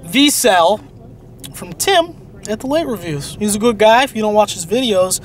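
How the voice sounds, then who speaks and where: A young man chats as a co-host in a goofy, hyper way. His voice sits high and swoops all over, jumping into loud excited yelps. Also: normal speed, slight background noise. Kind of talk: casual comedic chat.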